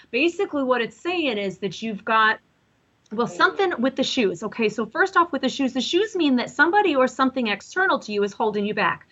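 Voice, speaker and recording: Woman psychic, chatty live reader, bright edge, lo-fi broadcast sound. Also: fairly high pitch, expressive, brisk. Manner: chatty, rambling, self-correcting. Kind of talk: live call-in psychic reading.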